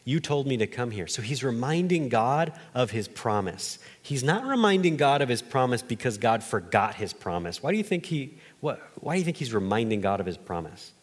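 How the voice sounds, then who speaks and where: A man preaching from a church stage in a loose, conversational way, his voice sitting at an ordinary middle pitch. He is animated and breaks off into quick asides. His voice carries a long reverb tail from the hall around him. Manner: animated, lively delivery with jumps in pitch and asides. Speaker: pastor. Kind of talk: conversational sermon.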